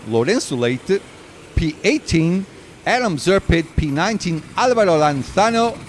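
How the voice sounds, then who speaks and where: A man calls a race live, getting excitable and erupting at big moves, and he also reads out long lists of drivers. His voice is high-pitched, and there is a little hiss or hum on the recording.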